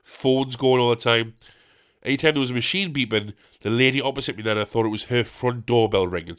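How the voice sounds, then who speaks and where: A young comedian talking alone into the mic, rambling from one thought to the next. He is candid and sweary, in a casual, chatty way. His voice sits at a middle pitch. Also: a little fast, fairly bright tone, smooth. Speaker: podcast host and stand-up comedian. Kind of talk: rambling solo podcast chat.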